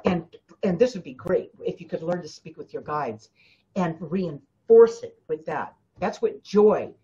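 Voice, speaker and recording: A woman's voice: lowish voice, animated, unhurried, dark tone, highs cut off, a little hiss or hum. Emphatic woman giving spiritual coaching. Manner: emphatic, repeats herself, addresses listeners directly. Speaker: spiritual teacher and host. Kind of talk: casual spiritual coaching talk.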